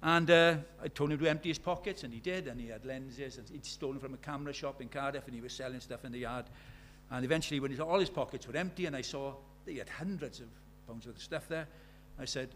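A man's voice: mid-range voice, a little fast, a bit bright, a little hiss or hum. A middle-aged man from Britain preaching a sermon, telling stories with acted-out dialogue and firing rhetorical questions.

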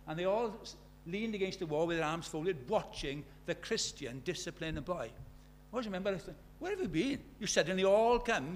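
A man's voice: fairly high pitch, a little hiss or hum. A middle-aged British man delivers a sermon in a slightly raised voice. He tells stories and plays the people in them, then presses his listeners with rhetorical questions. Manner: storytelling, acting out dialogue, rhetorical questions. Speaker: preacher.

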